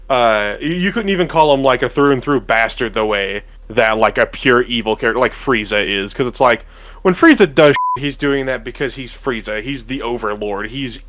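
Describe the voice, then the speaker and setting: A man's voice: mid-range voice, fairly bright tone, no echo. Co-host, male, easygoing, swears freely, dry sound. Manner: laid-back, profane, mock-voices in asides. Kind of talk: casual podcast chat.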